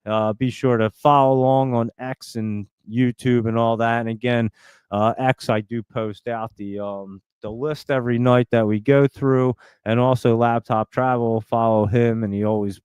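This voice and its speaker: A man's voice: medium pitch, fairly even intonation, normal speed, a little mellow, clear, resonant tone, no room sound. A man hosting a live stock trading stream, chatting in a loose, rambling way with casual swearing and plenty of fillers.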